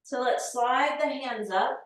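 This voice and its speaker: Woman, yoga teacher, slow calm cues, very echoey room, far from mic. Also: high voice. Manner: calm step-by-step cueing with breath counts. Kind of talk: guiding a yoga class. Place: yoga studio.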